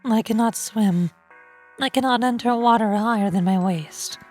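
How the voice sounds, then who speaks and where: A woman's voice: a little high, normal speed, a little mellow, soft background music, voice pushed down, lightly acted. A woman voicing a proud, formal girl officer who is afraid of water, speaking stiffly and remorsefully. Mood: solemn.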